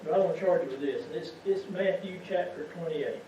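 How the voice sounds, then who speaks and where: A man with a high voice preaches a folksy sermon, asking the congregation one rhetorical question after another. He sounds distant and muffled. A long, heavy echo fills the church around him. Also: brisk, dark tone, a little hiss or hum. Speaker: lay preacher. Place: church sanctuary.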